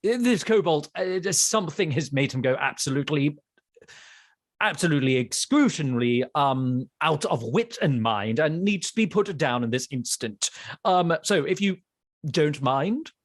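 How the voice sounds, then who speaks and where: A man voicing a polite, fussy male ghost researcher who speaks in genteel, halting phrases. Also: fairly high pitch, animated, dry recording, studio quality. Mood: urgent. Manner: halting, full of ums.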